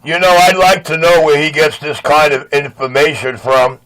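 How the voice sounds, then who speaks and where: A man's voice: on the high side, steady tone, normal speed, fairly bright tone, rough recording. A man bragging and mocking his rival on a CB radio channel. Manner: boastful and mocking. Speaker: CB radio operator. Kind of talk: trash-talking radio banter.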